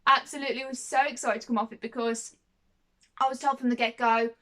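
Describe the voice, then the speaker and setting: A woman's voice: on the high side, flat delivery, brisk. A woman in her twenties talking casually to camera as a vlogger, chatty and rambling, repeating herself and often checking in with "you know what I mean". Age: 20s.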